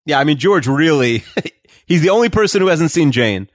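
A man's voice: a little high, lively intonation, moderate pace, no room sound, clean studio sound. A man co-hosting a podcast, chatting casually with wry, joking asides about a sitcom. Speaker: podcast co-host. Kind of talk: casual chat commentary.

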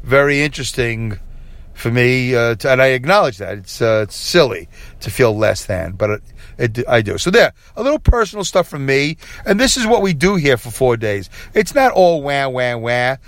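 A man's voice: medium pitch, very animated, normal speed, dry recording. A tired middle-aged man hosting a late-night solo podcast, talking candidly and rambling with many fillers and restarts. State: tired, yawning. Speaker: podcast host.

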